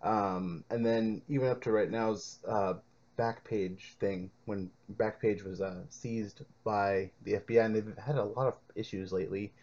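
A low-voiced man hosting a podcast, wandering through his introduction with frequent ums and you-knows. The recording sounds dull and lo-fi. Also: fairly even intonation, unhurried, a little mellow. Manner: rambling, filler-heavy topic introduction. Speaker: podcast host.

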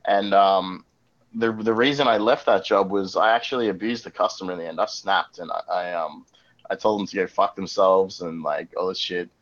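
A man's voice: sits low, moderate pace. Profane man telling a story. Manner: profane, animated storytelling with bursts of shouting. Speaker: podcast panelist. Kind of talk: casual storytelling. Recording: dull lo-fi podcast audio.

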